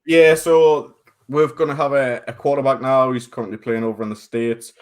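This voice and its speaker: A British man with a mid-range voice co-hosts a casual podcast over a video call. He talks with lively, animated banter, tossing in casual slang as he chats with his guests. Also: mid-range voice, normal speed. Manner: animated, banter-heavy, says man a lot. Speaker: podcast co-host and football coach.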